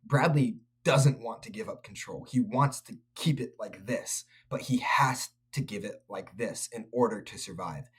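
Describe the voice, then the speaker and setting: Male reviewer, fairly low and husky, earnest and preachy, talks straight to camera. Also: unhurried, hardly any pauses. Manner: earnest, preachy, addresses viewers directly. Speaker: faith-based film reviewer.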